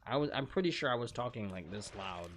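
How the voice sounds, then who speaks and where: A man's voice: mid-range voice, lively intonation, fast, noisy background. A young man streaming a game from home at night, rambling and venting in casual chat with plenty of swearing.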